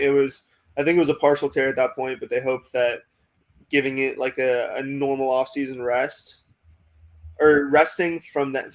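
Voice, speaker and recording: A young man with an American accent, a minor league pitcher telling a long story in a casual interview, full of "like" and "um". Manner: rambling, many fillers like "like" and "um".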